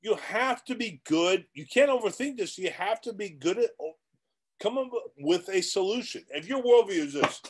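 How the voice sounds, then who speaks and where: A man's voice: sits high, expressive, normal speed, breathy edge. A man coaching others on real estate in a motivational vlog. He talks straight at the viewer in a blunt, rambling way and often starts his sentences over. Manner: blunt and repetitive, with many restarts.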